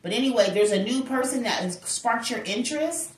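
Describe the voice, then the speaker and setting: A woman's voice: fairly high pitch, animated, brisk. A woman giving a casual tarot reading, talking straight to her viewers in an emphatic, chatty way. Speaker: tarot reader. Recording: roomy echo, distant from the mic.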